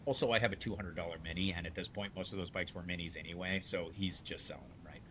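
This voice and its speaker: Low-voiced man telling a rambling story. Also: fast, a little hiss or hum. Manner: rambling, animated storyteller with frequent restarts; salty, blunt talk. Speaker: dealership owner. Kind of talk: casual storytelling on a podcast.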